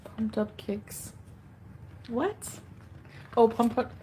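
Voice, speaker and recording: A woman's voice: fairly high pitch, extremely slow, dark tone, slight background noise. A woman on a casual livestream, talking while eating and answering critics defensively. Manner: defensive, chatty.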